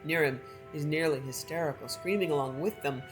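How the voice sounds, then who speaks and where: Low-voiced woman reading a game story. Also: a little fast, music in the background, low-quality recording. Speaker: gameplay streamer.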